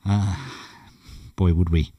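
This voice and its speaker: A man's voice: deep voice, flat delivery, slow pace, warm tone, no echo. Blunt encouraging Australian man. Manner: blunt, encouraging, chatty with many fillers. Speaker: online course teacher. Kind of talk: casual video lesson.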